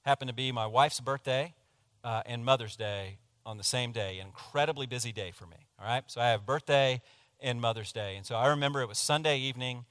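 A man preaching, telling a personal story in a confessional, animated way that swings from hushed to loud. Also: medium pitch, a little fast, no room sound. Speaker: pastor. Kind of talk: sermon storytelling.

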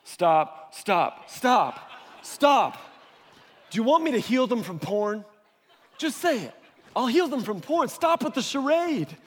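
A man's voice: extremely high pitch, very animated, slow, slightly rough, voice pushed up, exaggerated voice. A man voicing God as fed up and impatient, who bluntly insists that people just ask. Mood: exasperated. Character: exasperated, impatient God, male. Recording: long reverb of a large hall.

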